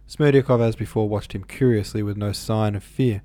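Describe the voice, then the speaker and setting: A man reads a novel aloud in a steady, even manner. His voice is low and mellow. The sound is dry and close, with no room around it. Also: fairly quick, no echo. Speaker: audiobook reader. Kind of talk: novel narration.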